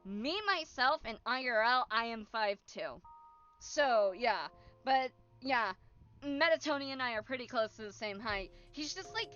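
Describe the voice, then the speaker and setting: Brief: young woman streamer, high and sharp voice, giggly and rambling, dull lo-fi audio. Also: unhurried, smooth, soft background music. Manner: excitable, giggly, rambling, swears a lot. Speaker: VTuber streamer. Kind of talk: casual stream chat.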